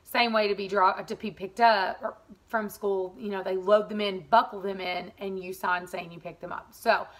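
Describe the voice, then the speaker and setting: A woman vlogging casually about her family, chatting in an animated way with quick asides, recorded in a car. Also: mid-range voice, no echo. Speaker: vlogger, mother. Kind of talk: casual family vlog chat.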